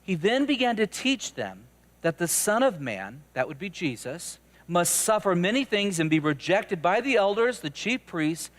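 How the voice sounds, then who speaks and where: Male pastor, high voice, chatty animated sermon, stammery restarts. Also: moderate pace.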